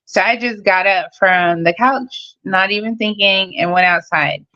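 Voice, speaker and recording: A woman caller in a heated casual debate, sassy and blunt, with profanity sprinkled through her talk. Her voice sits at an ordinary pitch for a woman, and the sound is dull and lo-fi, as if coming through a muffled connection. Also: measured pace, bright, forceful tone. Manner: sassy, blunt, swears freely. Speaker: caller on a live stream. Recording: dull lo-fi audio.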